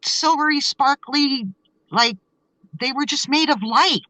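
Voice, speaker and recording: Woman guest telling her story, excitable, stammers and restarts, kinda high voice, dry close sound. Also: measured pace, no room sound, low-quality recording. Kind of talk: casual storytelling in an interview.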